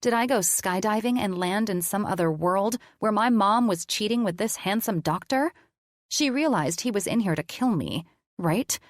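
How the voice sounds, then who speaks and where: A woman narrating an audiobook in the first person, in a measured, even way. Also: mid-range voice, no echo, studio quality.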